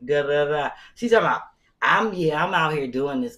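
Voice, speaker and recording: A woman co-hosting a comedy podcast in casual chat, telling animated stories and acting out what people said. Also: deep voice, fairly quick, poor audio. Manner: animated storytelling, acts out quotes. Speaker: podcast co-host.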